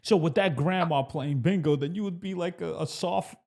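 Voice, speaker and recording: A man's voice: fairly high pitch, moderate pace, gravelly, darkish tone. A man hosting a casual interview, prompting his guest with loose, laughing follow-up questions. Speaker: podcast host.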